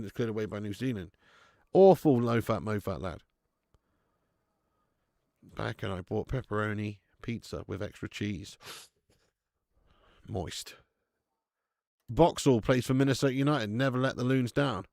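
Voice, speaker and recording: A man with a gravelly, creaky voice, talking casually through a live football match for his viewers. He banters with viewers and swears freely, close to a dry microphone with no room sound. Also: fairly low pitch, measured pace, pauses often, darkish tone, no room sound. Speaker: watch-along host. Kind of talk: live football watch-along commentary and chat reading.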